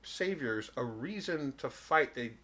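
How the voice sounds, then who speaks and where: A man co-hosting a podcast in a relaxed, casual chat. His pitch swings widely as he talks, and he gets animated when he makes a point. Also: unhurried. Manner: animated, jumps into voices when retelling. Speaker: podcast co-host.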